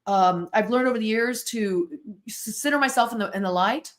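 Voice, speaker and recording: An American woman in her sixties, a podcast guest who tells stories in an animated way and acts out the voices and sounds in them. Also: on the high side, normal speed. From United States. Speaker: guest, spirit-board author and therapist. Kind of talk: storytelling in a podcast interview.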